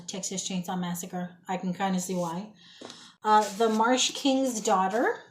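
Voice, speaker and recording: A woman's voice: mid-range voice, poor audio. A woman with a young son chatting to her viewers about a thrift haul at her home table, folksy and talkative, saying y'all. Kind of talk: casual chat to viewers.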